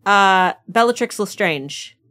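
A woman's voice: mid-range voice, lively intonation, takes it slowly, fairly bright tone. An American woman co-hosting a casual book podcast, teasing her co-host and giggling. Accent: American English. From United States. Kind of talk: casual chat.

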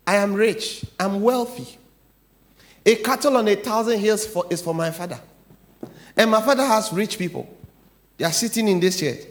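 A middle-aged man, a pastor with a Ghanaian English accent, preaching a sermon, swinging from quiet asides to loud declarations. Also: high-pitched, normal speed, long pauses.

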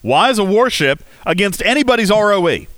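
A man hosting a casual game livestream, talking in an animated, rhetorical way with many fillers. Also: high-pitched, fairly quick, dry recording. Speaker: livestream host. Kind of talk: casual game commentary chat.

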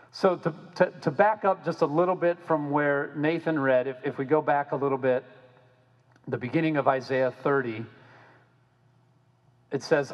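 Animated male preacher in a reverberant hall. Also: fairly high pitch, moderate pace, pauses often, highs cut off. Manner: animated, repeats words when he restarts. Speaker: pastor. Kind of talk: sermon.

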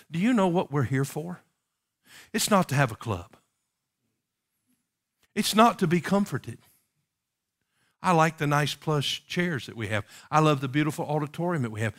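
A pastor preaches with a bright, forceful voice that sits a touch high for a man. He swings from loud emphatic calls to hushed pleading and keeps pressing the congregation with rhetorical questions. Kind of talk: sermon.

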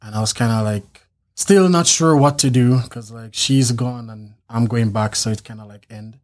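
A man casually sharing a faith testimony about his marriage, acting out quotes as an animated storyteller. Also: medium pitch, moderate pace. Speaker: husband telling their story.

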